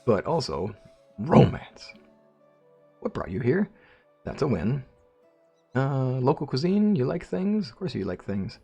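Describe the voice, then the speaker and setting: A man's voice: mid-range voice, sing-song, normal speed, vocal fry, mellow, slightly rough, highs cut off, soft background music. A man casually commenting on his game, rambling and joking with viewers. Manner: rambling, jokey, talks to viewers. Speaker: let's play host.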